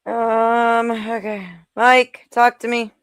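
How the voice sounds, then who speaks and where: A chatty streamer talks straight to the chat between clips, tossing out quick asides. The voice comes across smooth and clear, close and dry on the mic. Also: mid-range voice, little pitch movement, fairly bright tone, no echo. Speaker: streamer host. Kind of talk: casual live stream chat.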